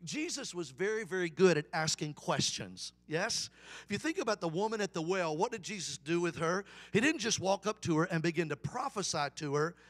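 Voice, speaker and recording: A man's voice: high voice, brisk. A middle-aged man, a guest evangelist, preaching a folksy, humorous sermon. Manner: folksy, animated storyteller with humor.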